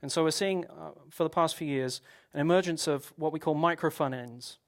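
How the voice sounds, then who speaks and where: At a technical conference, a man with a higher-than-average voice talks fairly quickly. He explains at length, posing rhetorical questions and often restarting his sentences.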